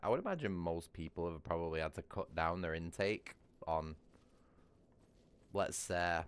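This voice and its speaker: Laid-back man, lively low voice. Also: normal speed, smooth. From Britain. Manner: rambling and crude, with frequent restarts and bursts of laughter. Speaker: gaming livestreamer. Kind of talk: casual livestream chat while gaming. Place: his home.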